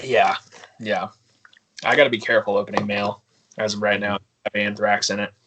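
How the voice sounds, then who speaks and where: A man's voice: fairly low pitch, little pitch movement, a little fast, background noise. Laughing, storytelling man on a podcast. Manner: laughing, storytelling, acts out quoted voices. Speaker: podcast guest. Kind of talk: casual podcast chat.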